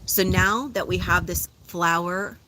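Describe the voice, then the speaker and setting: A woman leading a guided meditation, giving slow, soothing, repetitive instructions and affirmations. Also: fairly low pitch, fairly even intonation, very noisy. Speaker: spiritual guide.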